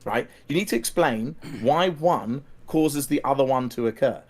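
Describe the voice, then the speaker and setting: A podcast host in a heated debate, forcefully pushing back and repeating himself to hold the floor. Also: male voice, medium pitch, animated, normal speed.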